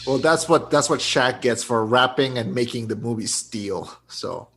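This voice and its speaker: A man's voice: mid-range voice, normal speed, a bit bright, slight background noise. A young man co-hosting a casual movie review podcast, rambling with many restarts and frequent laughter. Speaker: podcast co-host.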